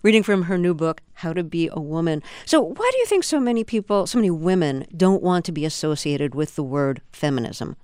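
A woman hosting a public radio interview in a measured, clear, composed way. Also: on the low side, very animated, a little mellow, dry recording. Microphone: studio microphone. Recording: dry studio sound.

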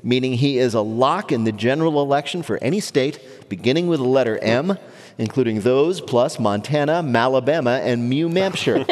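A man's voice: mid-range voice, long reverb tail. A man hosting a comedy news quiz before a live audience, delivering wry quips and punchlines. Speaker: quiz show host.

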